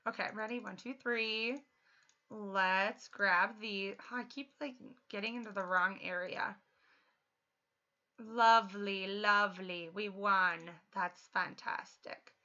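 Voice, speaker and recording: A young adult woman chatting casually while streaming a game, excitable and quick to laugh. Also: mid-range voice. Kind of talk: casual livestream chat. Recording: dull lo-fi audio.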